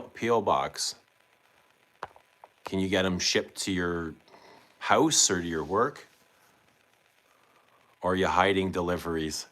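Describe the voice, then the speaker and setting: Low-voiced male streamer, relaxed and chatty, quizzing his viewers. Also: slow, long pauses. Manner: chatty, asks viewers questions. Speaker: livestream host. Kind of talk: casual livestream chat reading comments.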